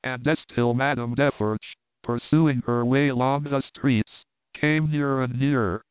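Man narrating a classic novel, smooth. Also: medium pitch, steady tone, measured pace, no room sound. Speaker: audiobook narrator. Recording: dry, phone-like narrow sound.

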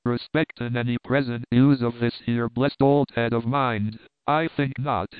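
A man voicing a solemn, trembling working-class servant who talks slowly and preachily in rough dialect. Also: mid-range voice, steady tone, no echo, natural voice. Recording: dry, phone-like narrow sound.

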